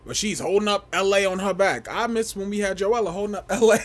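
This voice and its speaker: A young man hosting a casual livestream, gossiping and reading chat in an animated way, often laughing and breaking into shrieks. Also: sits high, fast talker, hardly any pauses. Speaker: livestream host.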